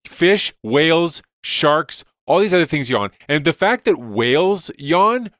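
A man's voice: fairly high pitch, sing-song, unhurried, a bit bright, no echo, studio quality. A man, a science educator, explaining studies enthusiastically in a casual podcast chat, with lots of "like"s and restarts.

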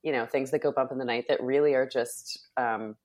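A woman's voice: a bass voice, fairly quick. A woman guest on a movie podcast, chatting casually and wryly about films. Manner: wry, animated, drifts into quiet asides. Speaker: guest, monster movie expert.

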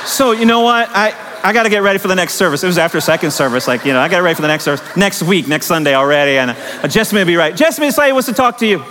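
A middle-aged male pastor preaching a sermon, telling stories with animated, emphatic rises in his voice. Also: on the high side, rapid-fire, few pauses, background noise. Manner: animated storytelling with rising emphatic peaks. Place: church sanctuary. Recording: long hall reverb.

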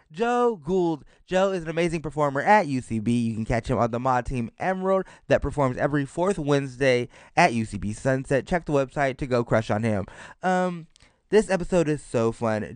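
An excitable man hosting a casual podcast, laughing often and swearing freely. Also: on the high side, no room sound. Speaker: podcast host.

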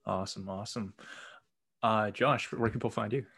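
A man's voice: lowish voice, steady tone, a little fast, creaky, a bit bright, breathy edge. A man hosting a podcast, casual and encouraging as he wraps up with his guests. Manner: upbeat, encouraging. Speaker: podcast host. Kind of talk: casual chat.

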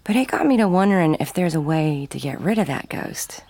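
A low-voiced, anxious wife. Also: female voice, expressive, brisk, darkish tone, dry recording. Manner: confiding, anxious.

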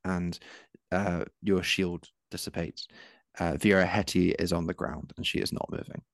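A man's voice: sits low, little pitch movement, moderate pace, vocal fry, no room sound, studio quality. A man narrating as game master of a tabletop game, describing scenes with frequent ums.

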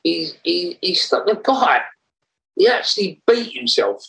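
Man, gravelly, interview storytelling, animated, laughs between lines, rambling. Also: high-pitched, a little slow, rough recording. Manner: animated, laughs while telling, rambling restarts. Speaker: interview guest.

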